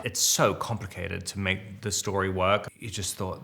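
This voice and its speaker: A man in his thirties reminisces in a loose, self-amused way, tripping over restarts and fillers and breaking into chuckles. His voice sits fairly low with a gravelly fry, yet has a bright, tense edge. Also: little pitch movement, normal speed. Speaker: actor interviewee. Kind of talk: casual interview, reminiscing.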